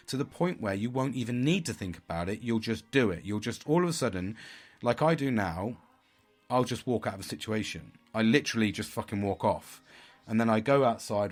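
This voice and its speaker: A middle-aged man giving a candid vlog monologue, blunt and frank, with heavy swearing. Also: on the low side. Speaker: vlogger.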